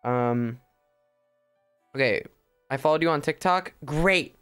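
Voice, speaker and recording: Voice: medium pitch, takes it slowly, a bit bright, clean tone, soft background music. A streamer chatting casually through a livestream while crafting, rambling and joking with mock drama.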